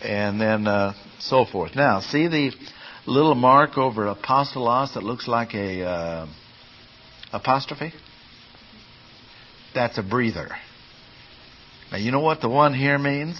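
Slow, patient male Bible Greek teacher. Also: medium pitch, expressive, fairly bright tone, highs cut off, a little hiss or hum. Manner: slow, patient, explains step by step and asks the class questions. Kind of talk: classroom lecture.

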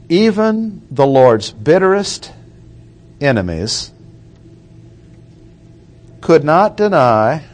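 A male preacher teaching through scripture at an unhurried, measured pace. He leans on key phrases and repeats them for emphasis. His voice sits in an ordinary middle range. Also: medium pitch. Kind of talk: expository sermon.

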